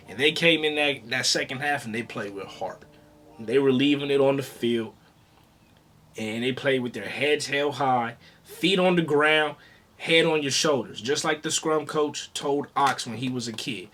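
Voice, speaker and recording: Male reviewer, lively slangy delivery, crisp bright tone, soft music in the background. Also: on the high side, moderate pace. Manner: animated, repetitive, slangy, swears. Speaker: reaction video reviewer. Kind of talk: casual spoken review.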